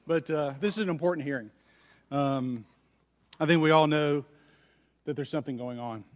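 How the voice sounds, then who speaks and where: A man's voice: fairly high pitch, big-room sound. A man, a congressman, questioning witnesses in a formal hearing, earnest and repeating words as he starts sentences. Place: large congressional hearing room.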